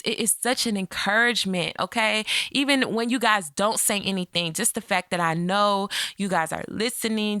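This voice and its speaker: A woman hosting her own podcast, talking in a chatty pep-talk way and often checking in with her listeners. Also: medium pitch. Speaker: podcast host. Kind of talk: solo podcast monologue.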